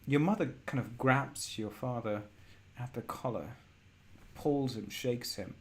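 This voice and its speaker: Male game master, unhurried delivery, mid-pitched, building dread slowly. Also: a little hiss or hum. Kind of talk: narrating a horror tabletop game.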